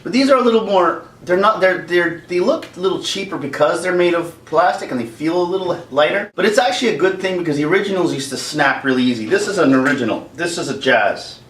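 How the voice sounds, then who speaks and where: Lively rambling man in an echoey room. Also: fairly high pitch, fast, hardly any pauses. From Canada. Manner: animated, rambling, jokey. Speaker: vlogger. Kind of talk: comedic storytelling vlog. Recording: roomy echo, distant mic.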